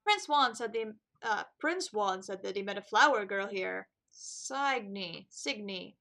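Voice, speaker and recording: Brief: bright, chatty woman gamer talking through her play, casual and self-mocking. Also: mid-range voice, lively intonation, moderate pace, gravelly. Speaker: let's play host. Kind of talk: casual game commentary.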